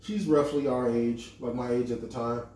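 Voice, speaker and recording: A man's voice: mid-range voice, moderate pace. A young man on a podcast, telling a long personal story in casual, profane talk and acting out the lines of the people in it. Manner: animated, profane storytelling with lots of quoted dialogue. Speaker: podcast co-host. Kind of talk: casual storytelling among friends. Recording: echoey room, mic at a distance.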